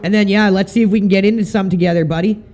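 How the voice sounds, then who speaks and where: A man's voice: sits high, fairly even intonation, very fast, a little mellow. Laid-back man streaming sim racing. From Canada. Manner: laid-back, chatty, swears casually. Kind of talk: casual live-stream commentary.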